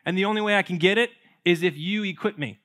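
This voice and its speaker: Playful preaching man, a bit high-voiced. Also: fast talker, a bit bright. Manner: conversational, playful preaching with asides and laughs. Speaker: pastor. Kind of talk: sermon. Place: church sanctuary.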